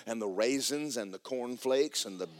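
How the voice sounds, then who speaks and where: A man preaching a sermon as pastor in a church, animated and emphatic with folksy humor. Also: medium pitch, normal speed. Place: church sanctuary.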